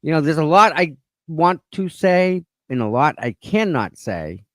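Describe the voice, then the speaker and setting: A man's voice: a little high, very animated, measured pace, a bit bright, no echo, clean studio sound. A man hosting a live stream, talking in a laid-back, teasing casual chat. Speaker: stream host.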